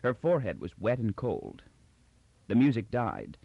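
A man narrating a science fiction story in a steady, expressive reading voice. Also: on the low side, unhurried, creaky, dry recording. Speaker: audiobook narrator. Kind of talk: scripted narration. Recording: dull lo-fi dry recording.

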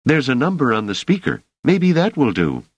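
Brief: a brisk, practical young woman, read by a man in a lifted voice, audiobook, dry close sound. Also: medium pitch, wildly swooping pitch, breathy edge, dry recording, pitched above the performer's own voice.

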